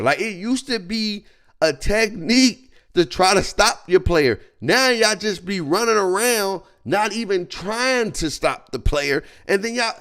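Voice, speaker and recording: A man streaming, ranting in a loose, slangy way and laughing as he goes. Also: high voice. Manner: animated, slangy, laughing as he rants. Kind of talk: reaction stream rant.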